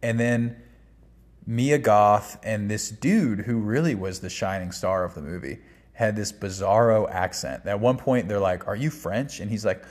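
A man's voice: fairly low pitch, measured pace, a little mellow. A man giving a casual, rambling spoken movie review, full of fillers and restarts. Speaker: film reviewer.

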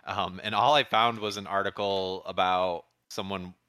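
Low, bright-toned man telling a story. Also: fairly even intonation, moderate pace, clean tone, no echo. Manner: laughing, rambling storyteller. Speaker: podcast co-host. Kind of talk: casual chat.

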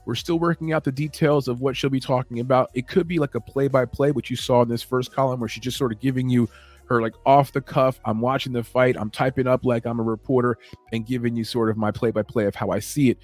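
Male podcast host, mid pitch, loose rambling delivery full of fillers, dry close mic with faint music underneath. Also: fairly even intonation, fast, darkish tone, no echo. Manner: loose and rambling, with frequent fillers and self-corrections. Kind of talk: casual show announcements.

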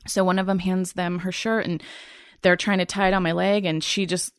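A woman in her thirties, an interview guest giving a personal account in a halting, earnest way, with frequent pauses, fillers and restarts. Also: fairly low pitch, level tone, clean tone, dry recording, studio quality. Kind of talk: personal testimony in a sit-down interview.

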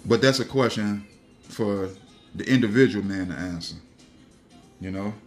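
A man's voice: on the low side, measured pace, soft background music. A man talking casually on a podcast, telling a story in a rambling, profane way, laughing and repeating himself.

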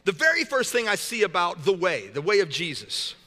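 High, bright-voiced pastor preaching in a hall. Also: male voice, very animated, brisk. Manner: conversational and joking, with many repeated restarts. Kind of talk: sermon.

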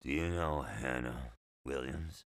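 A man voicing a gruff old sailor in a hospital ward, with a raspy, slurred voice. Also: extremely low pitch, slow pace, no room sound, studio quality, pitched below the performer's own voice.

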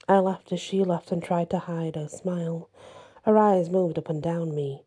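Husky dark-voiced woman reading horror. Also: lowish voice, fairly even intonation, normal speed. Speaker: story narrator. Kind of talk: first-person horror story reading.

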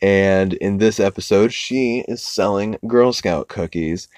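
A man's voice: fairly low pitch, a little slow, a little mellow, dry recording, studio quality. A young man hosting a podcast, recapping cartoons in a loose, rambling way, swearing freely. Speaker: podcast host.

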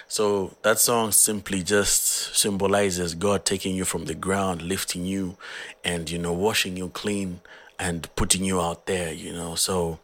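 Hoarse deep-voiced man. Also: fairly bright tone. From Zambia. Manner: earnest, rambling, heartfelt. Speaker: musician. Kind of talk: casual talk about his song.

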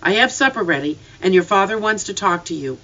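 A storybook reader voicing a patient, comforting rural mother speaking softly to her grieving son. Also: medium pitch, expressive, fairly quick. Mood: gentle. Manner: soft, comforting. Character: gentle rural mother, middle-aged, tender and patient. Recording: slightly distant, dull lo-fi.

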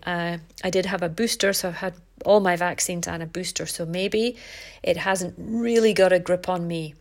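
A middle-aged woman hosting a podcast, talking in a casual, reflective monologue. She sounds congested and stuffy-nosed, and she speaks candidly, her voice often jumping upward in pitch. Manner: chatty and candid, with lively upward pitch jumps. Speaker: podcast host.

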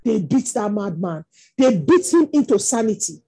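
A woman's voice: medium pitch, big pitch swings, moderate pace, mellow, breathy edge. A Nigerian woman preaching a sermon, telling stories that rise into impassioned exclamations. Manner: storytelling, rising to impassioned exclamations.

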